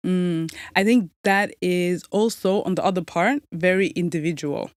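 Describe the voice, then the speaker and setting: A young adult woman from Somalia, raised in Norway, speaking as a podcast guest in a measured, reflective way. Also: fairly low pitch, no echo, studio quality. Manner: measured and reflective, many soft "mm" replies. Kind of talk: conversational interview.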